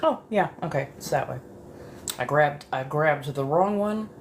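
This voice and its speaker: A woman chatting in a soft-spoken ASMR style, rambling casually as she goes. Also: sits low, lively intonation, measured pace, a little hiss or hum. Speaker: ASMR creator.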